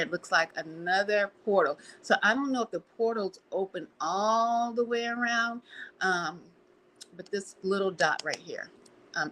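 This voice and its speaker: A woman's voice: medium pitch, low-quality recording. A woman hosting a live stream, talking earnestly over photos, repeating words and checking in with "okay?" often. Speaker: channel host.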